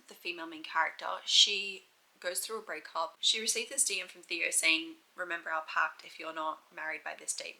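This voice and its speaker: A woman's voice: on the low side, creaky, sharp tone, rough recording. A young woman chatting frankly in a casual reading vlog, full of "like" fillers. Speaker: book vlogger.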